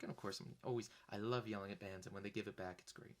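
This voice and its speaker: A young man telling a concert story in a loose, animated way, swearing now and then and acting out the voices of the people in it. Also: lowish voice, quick pace, few pauses. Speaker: vlogger. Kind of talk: casual storytelling.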